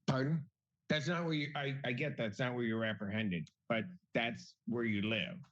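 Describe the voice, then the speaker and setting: A man serving as judge, explaining his ruling in a measured way during a courtroom hearing. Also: medium pitch, fairly even intonation. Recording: dull lo-fi courtroom audio.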